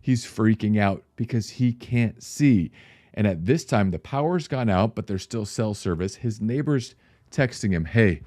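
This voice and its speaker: A man's voice: on the low side, measured pace, no room sound. Dry-sounding storytelling pastor man. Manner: animated storyteller, laughs mid-sentence. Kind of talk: casual storytelling vlog.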